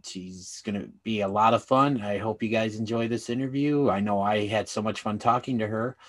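A man's voice: lowish voice, moderate pace. A man hosting a casual interview podcast, easygoing, with many fillers and restarts. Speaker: podcast host.

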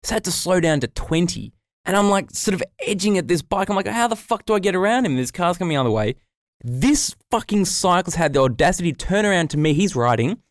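A man's voice: high-pitched, expressive, fast, no room sound, studio quality. A man, co-hosting a casual podcast and telling a sweary, ranting story. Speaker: podcast co-host. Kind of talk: casual chat.

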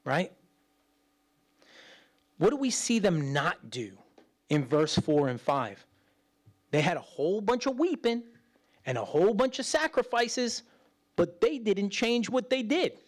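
A middle-aged man preaching as a pastor in a chatty way, acting out quoted voices and swinging between loud and hushed. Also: high voice. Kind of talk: sermon.

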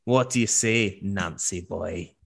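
A man voicing a drunk, belligerent male dwarf brawler, gruff and taunting in a tabletop game. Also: low voice, takes it slowly, a bit bright, voice pushed down, exaggerated voice.

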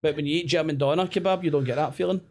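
A Scottish man trading jokes on a podcast with a voice pitched a little high. He talks loosely and teases the others, swearing freely. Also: rapid-fire, darkish tone. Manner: banter, swears freely, teasing. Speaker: podcast co-host. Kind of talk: casual chat.

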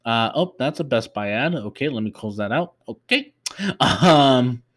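A man hosting a podcast, recapping an episode in a casual, halting way with many fillers and restarts. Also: medium pitch, lively intonation, fairly bright tone. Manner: halting, filler-heavy, meandering. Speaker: podcast host.

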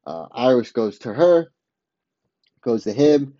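A man's voice: mid-range voice, very animated, takes it slowly, dark tone, no echo, lo-fi sound. A man casually recapping a TV episode, rambling with many fillers and quoting the characters' lines. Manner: rambling, filler-heavy retelling with quoted dialogue.

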